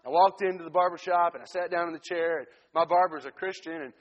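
Guy preaching his testimony, kinda high voice, big church echo. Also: fairly even intonation, fast talker, dull audio. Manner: earnest storytelling, frequent restarts. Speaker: missionary preacher. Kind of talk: testimony sermon to a congregation. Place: church sanctuary. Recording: long church hall reverb.

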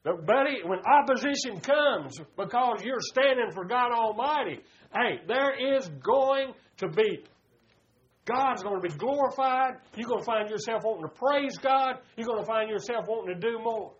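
A man's voice: very high-pitched, lively intonation, normal speed. A man, preaching a folksy sermon and calling his listeners "buddy.". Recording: dull lo-fi recording.

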